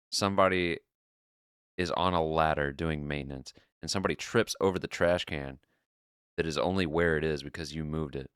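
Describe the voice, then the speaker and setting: A man hosting a podcast, chatting casually and reading an online post aloud as an animated storyteller who swears freely. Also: extremely low pitch, clear, resonant tone, dry recording, clean studio sound. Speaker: podcast host.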